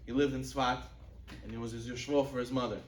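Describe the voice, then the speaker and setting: A man's voice: little pitch movement, fairly quick, far from the mic, slight background noise. A man giving a religious lecture, telling stories and acting out quoted dialogue with Hebrew religious terms. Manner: acts out quoted dialogue, rising in pitch for characters; peppers speech with Hebrew and Yiddish religious terms. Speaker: rabbi giving a Torah class. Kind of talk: sermon-style lecture with storytelling. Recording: echoey room, speaker off-mic.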